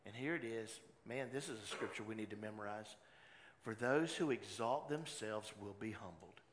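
A man preaching a sermon as pastor, moving between loud exhortation and hushed personal storytelling. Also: on the low side. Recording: long hall reverb, faint room noise.

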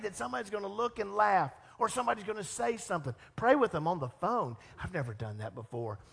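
Animated high-voiced male pastor preaching. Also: brisk, creaky, hardly any pauses, slightly rough. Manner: animated, acts out quoted voices. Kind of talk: sermon. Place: church sanctuary. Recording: long church reverb.

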